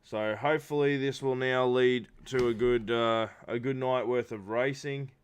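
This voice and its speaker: A man's voice: mid-range voice, steady tone, measured pace, clean tone. A man doing casual live-stream commentary for an online racing league, talking with many fillers while feeling unwell. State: not feeling well.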